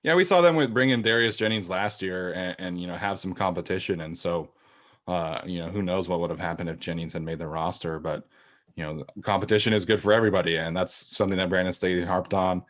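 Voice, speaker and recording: A man co-hosting a sports podcast, talking casually and thoughtfully, often trailing off quietly at the ends of sentences. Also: sits low, fast. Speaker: podcast co-host.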